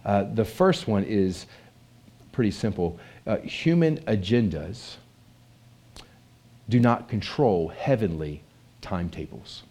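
A man's voice: on the low side, takes it slowly, pauses often. A man preaching a sermon in a conversational way, often asking his listeners questions. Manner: animated, conversational, asks the audience questions.

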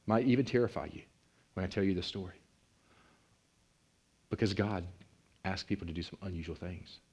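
A low-voiced man preaching, his delivery animated and climbing sharply when the story builds. He tells the story from the pulpit and speaks straight to the congregation. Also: moderate pace, slightly rough. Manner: animated, with big swings in pitch and loudness. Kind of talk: sermon storytelling.

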